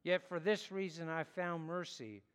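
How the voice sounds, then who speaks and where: Male pastor, higher-pitched voice, slow deliberate sermon delivery, reverberant hall. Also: a bit bright, clean tone. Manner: earnest preaching, stressing key words, slow and deliberate.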